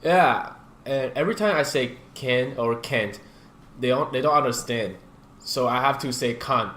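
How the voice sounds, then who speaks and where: A man chatting casually as a podcast guest, often pausing to search for words in English. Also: medium pitch, fairly bright tone. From Taiwan. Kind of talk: casual chat. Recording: roomy echo, faint noise.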